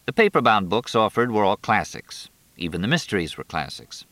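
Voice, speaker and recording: A man narrating an audiobook with expressive storytelling and a measured rhythm through long lists. His voice is lowish, bright and forceful, with lively pitch movement. The recording is dry and close. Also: dry recording.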